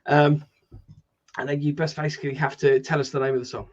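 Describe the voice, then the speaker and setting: A man's voice: a little high, level tone, brisk, lo-fi sound. A man co-hosting a casual podcast chat, laid-back and swearing casually. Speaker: podcast co-host.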